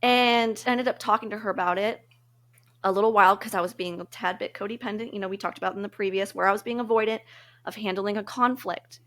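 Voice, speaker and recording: A woman's voice: medium pitch, steady tone, fast talker, fairly bright tone. A woman co-hosting a podcast, talking through relationship advice in a casual, earnest, reflective way and laughing easily. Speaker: podcast co-host.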